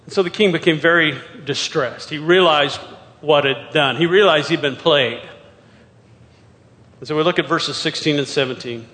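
A pastor preaching a sermon and walking through scripture verse by verse, with pointed rhetorical questions. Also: male voice, fairly high pitch, moderate pace, bright, forceful tone. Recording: long hall reverb.

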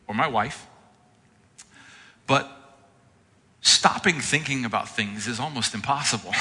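A man delivers a sermon as pastor, slipping into vivid acted-out reactions as he tells stories. His voice is strikingly bright and forceful, a bit higher than most men's. The sound hangs in a long hall reverb. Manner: animated storytelling, acting out his own reactions.

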